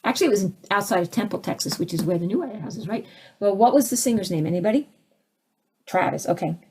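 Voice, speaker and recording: A woman leading a live spiritual teaching session, taking audience questions and acting out the voices of people she describes with big jumps in pitch. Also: expressive, quick pace, darkish tone, a little hiss or hum. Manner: takes audience questions, conversational asides.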